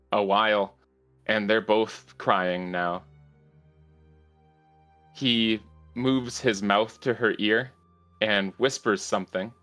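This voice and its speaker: A man narrating a tabletop game as game master, measured and halting with fillers. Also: fairly low pitch, bright, forceful tone.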